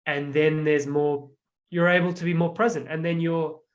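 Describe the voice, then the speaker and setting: Speaking at normal speed in a fairly high voice with a level tone, this young transformational coach is a guest on a podcast. He explains in an earnest, reflective way, filling his speech with "like" and acting out examples.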